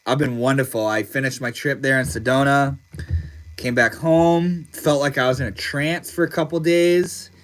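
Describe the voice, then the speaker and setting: Medium-pitched and fairly flat in intonation, this man talks at an ordinary speed. As host of a laid-back livestream, he reads comments from viewers aloud and answers them loosely, full of slang.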